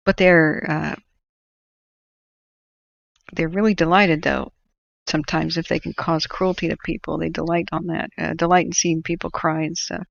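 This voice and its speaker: Woman host, creaky voice, casual opinionated rambling, dull lo-fi sound. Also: fairly low pitch, dry recording. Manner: rambling, opinionated, with many fillers and restarts. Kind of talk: casual livestream talk. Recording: dull lo-fi audio.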